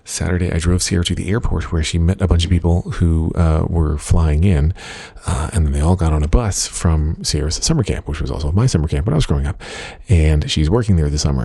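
Recorded with studio quality and no echo, this middle-aged host's voice sits low, creaky, mellow and husky. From his home office he rambles through a casual solo diary podcast, wryly mocking himself and saying "uh" a lot.

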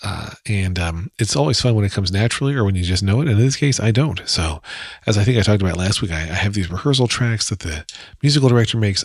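A man's voice: lowish voice, slightly rough, no echo, clean studio sound. A man with a New Jersey accent hosting a casual solo podcast, chatty and rambling with self-deprecating asides. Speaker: podcast host.

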